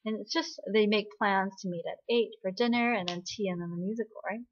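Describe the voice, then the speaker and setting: A chatty woman recaps a drama in a casual, bubbly way, often pausing on "um" and "right?". Her voice sits at an ordinary middle pitch. The recording sounds slightly dull and lo-fi. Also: a little hiss or hum.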